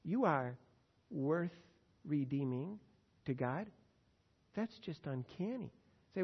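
An older man preaches with earnest feeling, his voice swelling loud on the words he stresses. The sound is muffled and lo-fi, ringing out in a long hall reverb. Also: a little high, expressive, slow, creaky, pauses often, slightly rough. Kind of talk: sermon.

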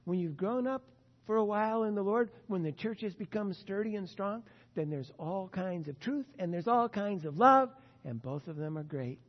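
A man preaching a sermon as pastor, earnest and emphatic, his loudness rising and falling. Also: sits high, expressive, normal speed, in a large hall, muffled recording.

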